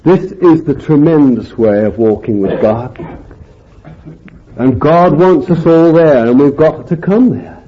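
A man's voice: a little high, a little slow, a little hiss or hum. Fervent preacher man, lo-fi recording. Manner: fervent, swings between loud exclamations and quiet asides. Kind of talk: sermon. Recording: dull lo-fi recording.

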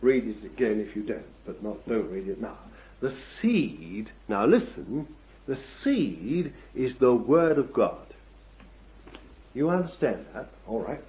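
A man preaching a sermon, with drawn-out emphatic phrasing and asides to the congregation that build to forceful preaching. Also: medium pitch, big pitch swings. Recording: dull lo-fi sermon recording.

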